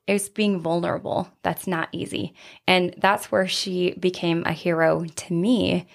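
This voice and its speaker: A woman's voice: fairly low pitch, level tone, measured pace, creaky. A woman who leads healing retreats, telling an earnest story in a casual interview and acting out the quoted lines. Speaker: retreat leader and healer.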